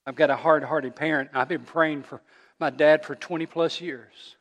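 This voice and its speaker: A man preaching from the pulpit, his voice sitting a touch high for a man. He tells his story with rising intensity, pushing louder and higher at the emotional moments. The long reverb of a large sanctuary trails after every phrase. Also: steady tone, normal speed. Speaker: pastor. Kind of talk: sermon.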